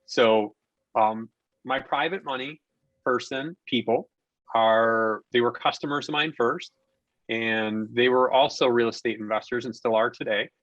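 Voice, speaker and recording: A man's voice: mid-range voice, unhurried, no echo, dull audio. A man in his forties spins a story for a podcast guest spot. He talks loosely and casually and throws himself into the voices of the people he quotes. His voice sounds dry and close, with no room around it. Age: 40s. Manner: animated storyteller who acts out quoted dialogue. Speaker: podcast guest, investor and contractor.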